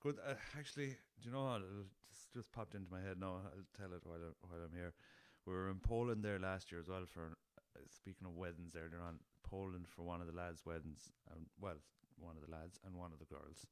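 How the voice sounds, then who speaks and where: Young irish lad rambling through a story on his podcast, swears a lot, low smooth voice, dry close sound. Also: a little fast, few pauses, no echo. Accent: Irish, west of Ireland. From Ireland. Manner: rambling anecdotal, swears freely, chuckles. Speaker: podcast host. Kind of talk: casual storytelling.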